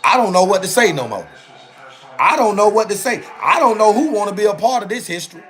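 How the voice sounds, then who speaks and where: Young male streamer, casual and animated, slightly high voice, peppers his talk with "bro" and "man". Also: brisk. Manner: animated, repetitive, ends phrases with "bro" and "man". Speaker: channel host.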